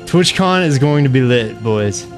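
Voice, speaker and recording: A man's voice: mid-range voice, animated, measured pace. A young man streaming a game live, chatting with viewers, laughing, venting frustration and swearing. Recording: faint music behind.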